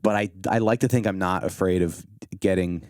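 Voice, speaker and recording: Self-deprecating comedian with a low dry voice. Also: male voice, steady tone, normal speed, no room sound. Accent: New Jersey. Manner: rambling, self-deprecating, laughs often. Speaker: comedian guest. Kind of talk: casual podcast chat.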